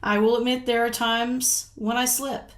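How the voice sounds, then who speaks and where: A middle-aged woman from the US speaks straight to her camera in a fairly high voice. She is blunt and indignant, swears freely and breaks into short laughs between points. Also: flat delivery, measured pace. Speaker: vlogger. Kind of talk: casual talk to camera.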